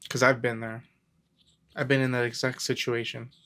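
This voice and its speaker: A man's voice: medium pitch, flat delivery, normal speed, bright, forceful tone. Man, self-help vlogger, casual rambling talk, storyteller, acts out quotes. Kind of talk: casual motivational talk to camera.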